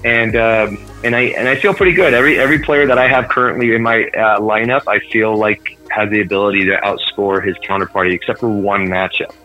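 A man's voice: lowish voice, steady tone, brisk, sharp tone, faint music behind, poor audio. A man in casual sports podcast chat, rambling with many fillers and restarts. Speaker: podcast co-host.

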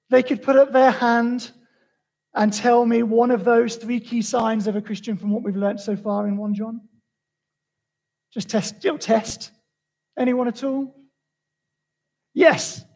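Guy preaching, tells it like a story, kinda husky voice. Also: extremely high pitch, slow pace, pauses often, rough recording. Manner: animated storytelling, conversational. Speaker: pastor. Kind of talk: sermon.

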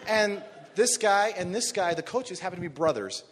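A man preaching a sermon, telling a story with animated energy and rising to shouts on key phrases. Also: sits high, moderate pace. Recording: long reverb of a large hall.

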